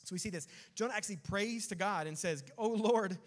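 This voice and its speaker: A male pastor preaching a sermon, animated and dropping to quiet emphasis on key words. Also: high voice, quick pace. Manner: animated, acts out quotes, drops to quiet emphasis.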